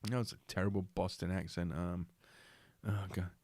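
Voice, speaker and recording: A man's voice: low-pitched, level tone, moderate pace, a little mellow, no room sound, clean studio sound. Crude, mocking man reading aloud. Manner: crude, mocking, swears often, laughs at own jokes. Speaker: podcast host. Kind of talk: casual commentary while reading an article aloud.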